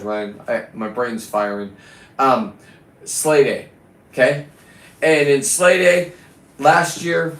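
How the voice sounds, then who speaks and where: A man's voice: mid-range voice, fairly bright tone. A middle-aged man rambling through a profane, boastful casual monologue to his viewers. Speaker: vlogger. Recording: echoey room.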